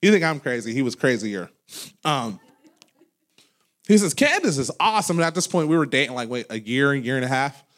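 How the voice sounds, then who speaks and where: A man in his thirties, a pastor preaching a sermon, loud and animated as he tells stories with laughs. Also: medium pitch, fairly quick, pauses often. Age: 30s. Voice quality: loud talker. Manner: animated storytelling with laughs and acted quotes. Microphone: handheld microphone held away from mouth.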